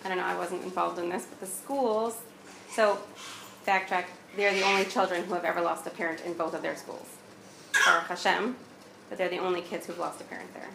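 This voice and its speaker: A woman's voice: lowish voice, steady tone, a little fast, vocal fry, heavy background noise. A woman in her thirties telling a personal story in a candid, conversational way, acting out the dialogue as she goes. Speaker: guest sharing a personal story. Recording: roomy echo.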